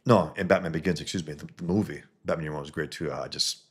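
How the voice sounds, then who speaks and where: A man's voice: rumbling low, steady tone, quick pace, slightly rough. A man casually reviewing a comic on a live stream, rambling with many fillers and restarts.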